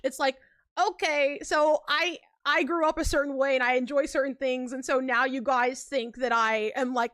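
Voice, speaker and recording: A young woman chatting casually on a live stream, animated and slangy, laughing often between lines. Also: sits high, no room sound, clean studio sound.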